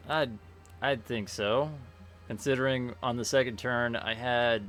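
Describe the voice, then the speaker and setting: A man streaming a tactics game, thinking aloud in a relaxed, casual way with many fillers. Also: mid-range voice, measured pace. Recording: faint game music behind.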